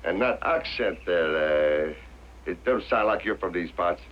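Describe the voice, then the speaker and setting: A jovial, wisecracking old ex-vaudevillian. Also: male voice, sits low, animated, unhurried. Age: older. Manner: folksy, joking, laughs at his own gags. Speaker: retired vaudevillian dog act performer. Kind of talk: 1960s TV drama acting. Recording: dull lo-fi 1960s TV soundtrack with faint hiss.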